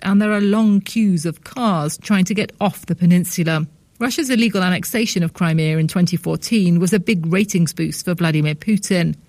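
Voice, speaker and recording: A woman correspondent delivering a scripted news report in a clear, composed way. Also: fairly low pitch, a little mellow, no room sound.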